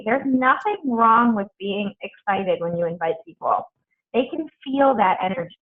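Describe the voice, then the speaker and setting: A woman's voice: medium pitch, moderate pace. A woman coaching her team on a video call, chatty and blunt, swearing freely. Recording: tinny phone-like video call audio.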